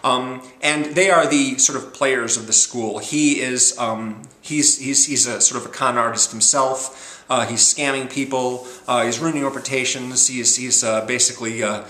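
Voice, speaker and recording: A man's voice: medium pitch, steady tone, normal speed, pushed and bright, echoey room. A man casually reviewing films in a rambling way, with many ums and uhs. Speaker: movie reviewer.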